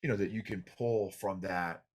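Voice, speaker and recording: A man hosting an interview, affirming his guest in a halting, encouraging way. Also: deep voice, steady tone. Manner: warmly affirming, with halting restarts. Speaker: podcast host. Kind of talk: casual interview chat.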